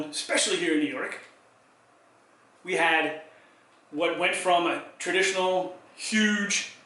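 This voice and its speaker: A man hosts his own talk show, chatting in an upbeat way and putting questions to the viewers. His voice sits high and sounds bright. He is recorded in an echoey room and stands a little away from the mic. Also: far from the mic. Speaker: host. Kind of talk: solo talk show monologue.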